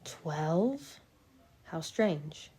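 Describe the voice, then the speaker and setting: A sheepish young newlywed woman who speaks in a soft, timid voice, as a reader voices her. The tone is low and mellow, suited to a storybook reading. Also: expressive, extremely slow, breathy edge, exaggerated voice.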